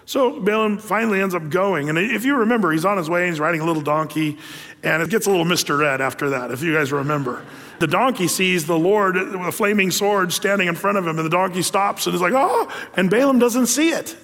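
A male pastor giving a sermon, reading scripture and retelling stories in a conversational, animated way. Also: sits high, fast, in a large hall.

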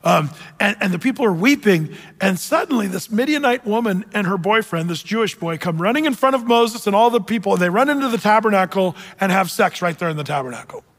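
Brief: high-pitched male preacher, lively storyteller, long hall echo. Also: a little fast, few pauses. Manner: storytelling, jokey asides, acts out voices. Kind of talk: sermon.

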